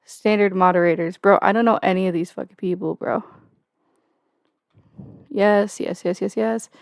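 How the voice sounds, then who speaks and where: A woman's voice: mid-range voice, steady tone, normal speed, gravelly, no echo, studio quality. A young woman hosting a casual livestream from home, rambling and joking with plenty of swearing and filler words. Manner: profane, jokey, rambling with many fillers. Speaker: livestream host.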